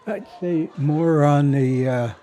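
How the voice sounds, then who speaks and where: A man's voice: on the high side, slow pace, mellow. An older man tells family stories in a rambling way, chuckling often and stopping to restart. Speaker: family member sharing memories. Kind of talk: casual storytelling.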